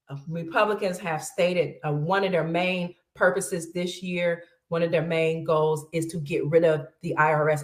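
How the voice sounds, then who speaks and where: A woman's voice: fairly low pitch, echoey room. Middle-aged woman host, casual commentary, chatty, reads items aloud, calls viewers family.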